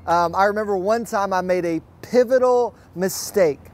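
Guy preaching, highish voice, lively storytelling. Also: moderate pace. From Fort Worth, Texas. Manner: lively storyteller, acts out quotes. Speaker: pastor. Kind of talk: sermon with personal storytelling. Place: online church service.

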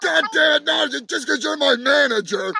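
A man doing a ranting, gravelly alien pundit. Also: very high-pitched, expressive, normal speed, background noise, full character voice. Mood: furious. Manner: ranting, shouting, swearing, insulting. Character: brash foul-mouthed male alien pundit, loud, ranting, full of himself. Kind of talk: comedic character rant. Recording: music playing behind.

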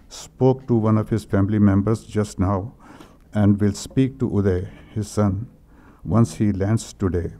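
A man's voice: on the low side, dark tone. An older man with an Indian English accent reading condolence messages at a memorial meeting, hesitant and full of fillers, emotional. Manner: hesitant, many "uh" fillers and throat-clearing. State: emotional, voice breaking. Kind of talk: halting tribute reading.

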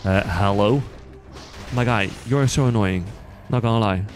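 A man with a non-native accent chatting casually to viewers while playing, quick to excited outbursts and joking at himself. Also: lowish voice, soft background music. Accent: non-native English accent. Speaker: gaming channel host. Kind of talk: casual let's-play commentary.

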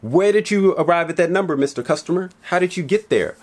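A man's voice: high voice, animated, a little fast, few pauses, darkish tone. A man giving a casual, talkative sales lesson, slangy and swearing, acting out both sides of client talks. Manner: slangy, swears, lots of "right?". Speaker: business coach. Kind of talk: casual teaching monologue.

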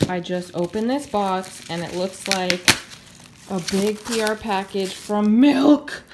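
A young woman vlogging casually as she unboxes beauty products, gushing and excitable with frequent gasps. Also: medium pitch, heavy background noise.

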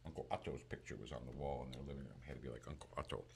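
Male podcaster, deep low register, relaxed storyteller, slight background noise. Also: rapid-fire, gravelly. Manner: storytelling, animated retelling. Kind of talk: casual movie chat.

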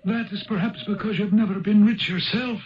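An actor playing an ancient male Viking spirit turned Irish, who talks gravely in measured riddles for a 1970s radio drama. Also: sits high, fairly even intonation, slight background noise, close to an everyday voice. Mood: solemn. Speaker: Old Man of the Rock. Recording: dull lo-fi 1970s radio broadcast.

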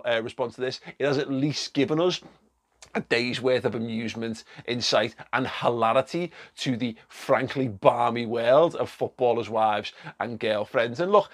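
A man giving casual commentary to camera as a vlogger, animated and sweary, chuckling as he talks. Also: medium pitch.

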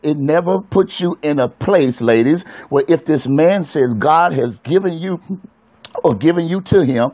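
A pastor preaching on a live stream, with a high-pitched male voice. He speaks emphatically and colloquially, addressing his listeners directly. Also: expressive, a little slow, a little mellow.

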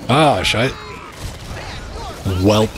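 A man's voice: on the low side, extremely slow, a little hiss or hum. A man playing a co-op game on stream, joking around and swearing as he plays. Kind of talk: casual co-op gaming chat.

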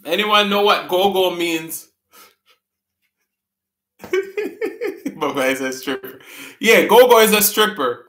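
High, slow-talking Jamaican man. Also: lively intonation, fairly bright tone, reverberant. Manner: repeats words slowly and laughs often. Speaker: host. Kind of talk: live-stream trivia chat with viewers.

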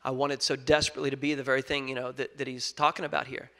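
A young man preaching a sermon, earnest, moving between loud emphasis and soft scripture reading. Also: medium pitch, little pitch movement, fast. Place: church sanctuary. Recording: long reverb of a large hall.

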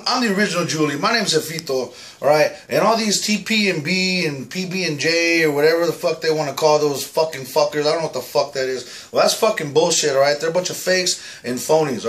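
A man's voice: on the high side, fairly quick, few pauses, fairly bright tone, natural voice. A man playing a boastful, foul-mouthed ex-con who insists he is the real Julian, talking to camera in a comic monologue. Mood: blustering. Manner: profane, aggressive, keeps saying "all right?".

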